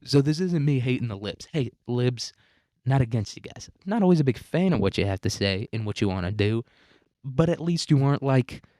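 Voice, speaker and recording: A man's voice: medium pitch, lively intonation, brisk, warm tone, dry recording, clean studio sound. A man hosting a solo podcast in a casual monologue, rambling and crude, often laughing at his own jokes. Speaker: podcast host.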